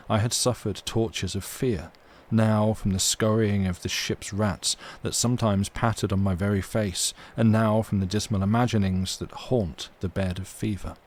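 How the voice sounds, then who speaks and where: A man reading a classic novel aloud on a livestream, steady and unhurried, correcting small slips as he goes. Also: fairly low pitch. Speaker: reader.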